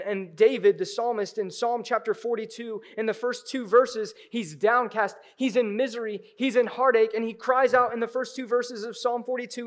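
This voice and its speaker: A high-voiced man delivers a sermon from the pulpit of a church. He drops to near-whispers, then rises to loud, urgent appeals to the congregation. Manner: dynamic preaching, swings from hushed to loud. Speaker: pastor. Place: church sanctuary.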